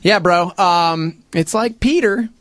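A man's voice: high voice, slow, no echo. A man co-hosting a morning radio show, telling stories with exaggerated reactions. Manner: animated storyteller, exaggerated reactions. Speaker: radio co-host. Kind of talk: casual radio banter.

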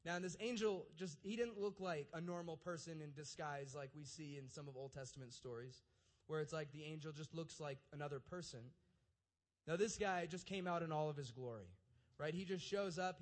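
Young man, youth pastor, slightly high voice, casual sermon, conversational, chatty asides to listeners. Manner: conversational, keeps asking "right?" to the audience. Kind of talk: casual sermon with scripture reading.

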